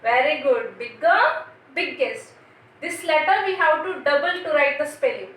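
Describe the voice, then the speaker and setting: An animated Indian teacher drills spellings at a moderate pace, calling out each letter and quizzing the kids during a grammar lesson. Her voice is bright and sharp. It comes from off-mic in a strongly echoing room, with faint noise in the background.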